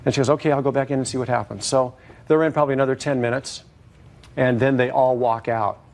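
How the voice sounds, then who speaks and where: A man's voice: mid-range voice, fairly even intonation, quick pace. A man giving long, hesitant testimony as a plaintiff in a TV courtroom, full of fillers and restarts.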